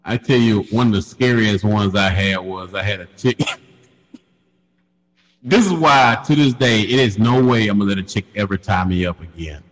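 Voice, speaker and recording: A man telling a crude story in casual chat on a podcast, animated and laughing along. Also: lowish voice, moderate pace, in a large hall, rough recording. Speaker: podcast co-host.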